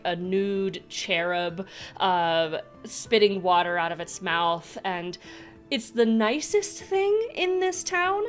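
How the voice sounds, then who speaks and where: A woman running a tabletop game as dungeon master, describing scenes in a casual, rambling way with lots of fillers. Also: mid-range voice.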